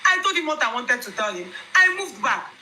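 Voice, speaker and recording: A young Nigerian woman with a Nigerian accent telling viewers her own story in an emphatic, animated way. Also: high-pitched, brisk, slight background noise, poor audio. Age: young adult.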